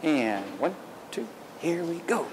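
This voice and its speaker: A man's voice: fairly high pitch, lively intonation, slow pace, rough recording. A man leading a school band rehearsal, giving upbeat, encouraging instructions and singing the rhythms on syllables. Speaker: band clinician conducting a rehearsal.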